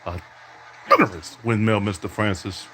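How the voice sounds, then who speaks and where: A man's voice: fairly low pitch, steady tone, moderate pace, sharp tone. Trash-talking man calling his own game. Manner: mock announcer calls mixed with taunts. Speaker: podcast host playing a basketball video game. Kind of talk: trash-talking play-by-play over gameplay.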